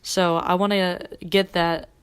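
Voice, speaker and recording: A woman's voice: fairly low pitch, level tone, slow pace, clear, resonant tone, dry recording. A young woman hosting a pop-culture podcast, chatting casually and rambling with fillers. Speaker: podcast host.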